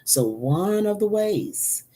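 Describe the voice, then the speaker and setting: A woman's voice: mid-range voice, sing-song, slow, dark tone. A woman preaching a sermon, earnest and repeating key phrases for emphasis. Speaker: pastor.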